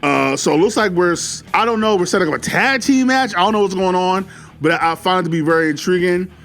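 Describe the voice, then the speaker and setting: A man giving a casual, excitable solo review, full of fillers and slang. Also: high-pitched, fast, vocal fry. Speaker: wrestling commentary YouTuber.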